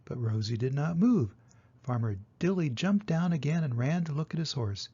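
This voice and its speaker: An older man reading a children's storybook aloud, gentle and expressive, in a dull lo-fi recording. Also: on the high side, normal speed, slightly rough. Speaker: storybook reader.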